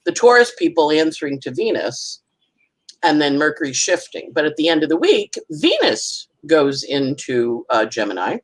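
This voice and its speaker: A middle-aged woman with a husky, slightly breathy voice talks astrology in a relaxed podcast chat. Her pitch swings widely as she tells stories, acting out what others said and laughing often. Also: normal speed, rough recording. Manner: animated storytelling, acts out quoted voices, laughs often. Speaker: astrologer guest.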